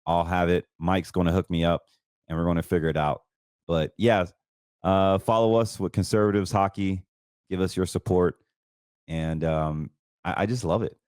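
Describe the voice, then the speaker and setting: Man, Southern American accent, middle-aged, very low voice, dry close recording, blunt casual host monologue. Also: steady tone, normal speed, darkish tone, smooth, no echo. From North Carolina. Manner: blunt, ranting, laughs at critics.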